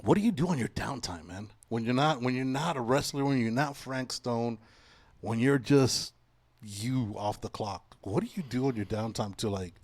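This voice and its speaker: A man in his forties hosts a casual podcast chat, his voice sitting at an ordinary middle pitch. He tells stories with constant swearing and animated energy. The sound is dry and close. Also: normal speed, no echo. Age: 40s. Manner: profane, animated storytelling. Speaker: podcast host.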